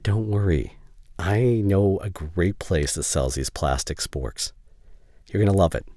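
A man voicing a caring young male best friend in a whispered role-play, speaking softly and haltingly with emotional reassurance. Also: low-pitched, dry recording, clean studio sound. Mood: gentle. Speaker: ASMR voice actor. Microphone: studio condenser mic.

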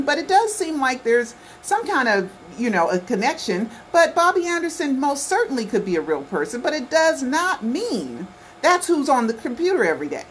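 A woman's voice: high voice, a little hiss or hum. A woman vlogging to her camera at home, talking insistently and repeating herself, with lots of "okay" and "right" as she goes. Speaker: conspiracy documentary vlogger. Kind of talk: casual talk to camera.

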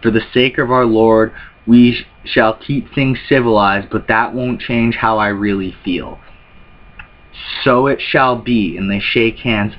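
Man reading manga aloud, lo-fi. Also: fairly low pitch. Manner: reads character lines in quick put-on voices between plain remarks. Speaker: manga reaction YouTuber.

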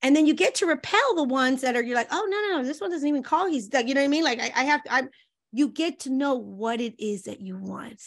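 A woman relationship coach talking as a guest, giving lively advice and acting out playful quotes in different voices. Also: high-pitched, brisk. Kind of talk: animated advice chat with acted-out quotes.

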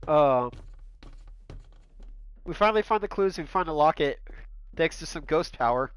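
Upbeat gaming host with a stuffy nose. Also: male voice, fairly high pitch, a little slow, clean tone. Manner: energetic, jokey. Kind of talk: let's-play commentary.

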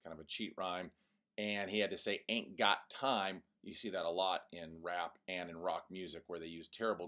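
Lowish-voiced guy teaching kids poetry online, playful and jokey, reads the bad lines all sing-songy. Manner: animated, mock-ironic, reads example lines in a sing-song voice. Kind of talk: online lesson for young students.

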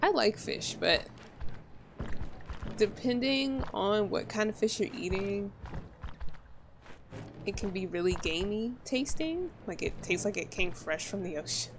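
A woman's voice: mid-range voice, lively intonation, a little slow, long pauses, noisy background. A woman playing a game and reacting aloud with crude jokes as she goes. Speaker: gamer. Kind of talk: let's play commentary.

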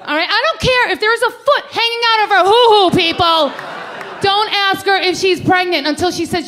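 Brash high-voiced woman doing stand-up. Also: moderate pace. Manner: brash, animated, acts out loud quoted voices. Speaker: stand-up comedian. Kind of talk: stand-up comedy set. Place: comedy club stage.

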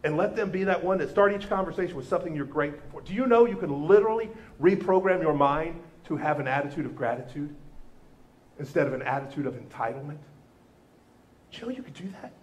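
A man preaching a Sunday sermon as the church's pastor. He tells lively stories and moves into a quiet, earnest prayer. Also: a little high, fast talker. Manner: animated storytelling, softening into prayer. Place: church sanctuary.

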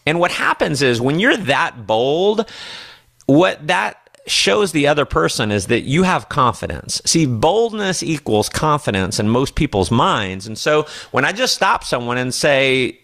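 A man's voice: fairly high pitch, sing-song, unhurried, gravelly. A man giving a motivational sales training talk, confidently acting out his prospecting lines. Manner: confident, acts out sales dialogue in a brighter voice. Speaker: network marketing trainer.

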